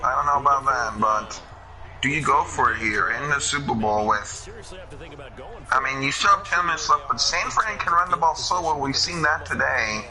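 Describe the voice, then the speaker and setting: A man casually commentating a football video game with a friend, chatty and quick to laugh at his own slips. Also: mid-range voice, lively intonation, pushed and bright, soft background music, low-quality recording.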